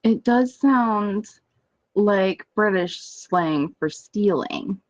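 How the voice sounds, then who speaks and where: Slow, sing-song woman at a game table. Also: medium pitch, expressive, no room sound. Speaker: player. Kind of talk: casual chat around a game. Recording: dull lo-fi dry sound.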